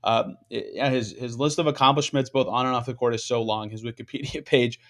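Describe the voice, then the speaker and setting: A man's voice: mid-range voice, steady tone, fairly quick, a bit bright. A man hosting a sports podcast, talking conversationally with frequent fillers. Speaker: podcast host. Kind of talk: casual sports podcast discussion.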